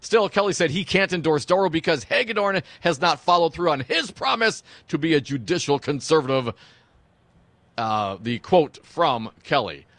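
A man's voice: a little high, lively intonation, moderate pace, a bit bright, dry recording. A man co-hosting political talk radio, reading news with blunt, wry remarks. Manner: blunt, wry commentary with frequent "uh" fillers.

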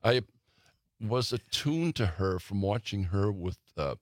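Older guy, deep voice, slow halting storyteller, dry close sound. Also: animated, dry recording. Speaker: theater critic guest. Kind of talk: casual chat.

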